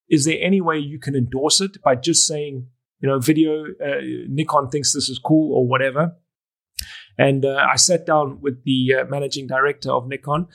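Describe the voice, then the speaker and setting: A middle-aged man, a wedding photographer and educator, telling stories in an interview and acting out the conversations he recalls. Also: medium pitch. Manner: animated, acts out conversations, frequent restarts. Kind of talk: storytelling in a podcast interview.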